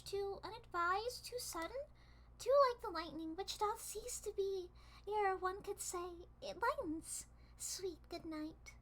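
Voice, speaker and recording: A woman putting on a high, childlike voice, reading verse theatrically with dramatic pauses. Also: fairly bright tone. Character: high sugary childlike girl, chirpy.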